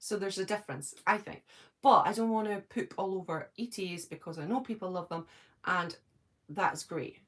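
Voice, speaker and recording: A woman's voice: medium pitch, moderate pace. A Scottish woman chatting casually on a live stream from her home, answering viewers' comments by name and thinking aloud. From Scotland.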